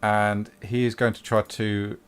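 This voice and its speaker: Low-voiced man running a game. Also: flat delivery, unhurried, clean tone. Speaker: game master.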